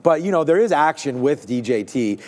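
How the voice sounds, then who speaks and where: Male co-host, casual live market commentary, relaxed chart talk. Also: a little high, a little fast. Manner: loose, chatty, chart talk with fillers.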